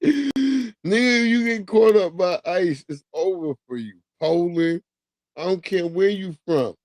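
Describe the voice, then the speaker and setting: A man's voice: high voice, takes it slowly, darkish tone, dry recording. A man hosting a livestream, ranting profanely in casual commentary and laughing through it. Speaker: livestream host.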